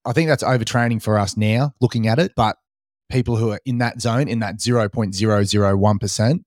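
A man's voice: on the low side, steady tone, fairly quick, darkish tone, dry recording, studio quality. An Australian man hosting a podcast, chatting casually and reflectively in short phrases. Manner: reflective, talks in short listed phrases with frequent "you know". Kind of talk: casual interview chat.

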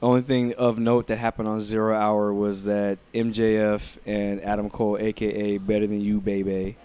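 A young man co-hosting a casual wrestling podcast, rambling through recaps in a relaxed way. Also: lowish voice, normal speed, clear, resonant tone. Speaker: podcast co-host.

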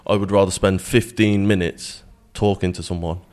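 A man with a very low voice, reflecting earnestly on his work. He often stumbles and repeats his opening words as he thinks aloud, speaking in a studio interview. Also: level tone, normal speed, a little mellow, clear, resonant tone. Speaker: guest, security manager.

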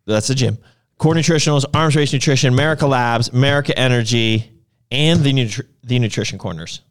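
A man's voice: medium pitch, smooth. A young man hosting a casual promotional chat about store sales. He talks in a loose, rambling way and often stops and restarts his sentences. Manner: loose and chatty, stops and restarts, jumps between deals. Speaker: gym owner and supplement shop host.

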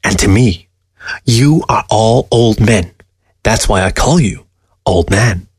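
A man's voice: on the low side, breathy edge, dry recording. A man voicing a sardonic, mocking dead male fox in a storybook reading. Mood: cold. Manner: snide, mocking, drawn-out taunts.

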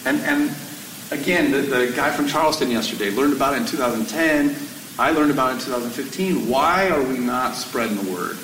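A man, a firefighter, tells his story to an audience in an animated way, his voice climbing toward a near-shout when he gets exasperated. He sounds distant from the mic. A roomy hall echo surrounds him, with faint background noise. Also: mid-range voice, a little fast.

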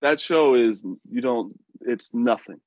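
Man, podcast guest, rambling and profane storyteller, mid pitch, dry dull mic sound. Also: slow, a little mellow, no echo. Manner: rambling, profane, laughs often. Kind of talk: casual podcast chat.

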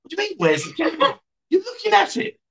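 A man with an extremely high, gravelly, fairly bright voice talks quickly, his pitch swooping wildly. He hosts a casual livestream from an indoor bar or venue, reading viewer comments aloud and teasing his guests in a joking, chatty way.

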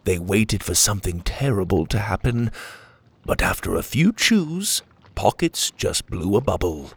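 A man narrating a children's adventure story in an animated way, voicing each character. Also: on the low side, creaky, breathy edge, no echo.

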